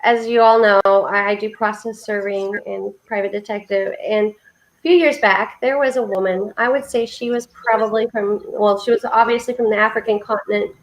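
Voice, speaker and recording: A woman's voice: medium pitch, fairly even intonation, moderate pace, poor audio. A woman co-hosting a faith-based livestream chat, telling heartfelt stories in an earnest, preaching way over a video call. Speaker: co-host of a faith support livestream.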